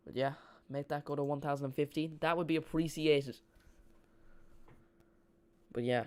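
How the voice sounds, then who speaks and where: Chatty man with a smooth voice. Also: on the high side, steady tone, normal speed, a little mellow. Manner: rambling, jokey, chats with live chat. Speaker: watch-along host. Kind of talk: live football watch-along commentary.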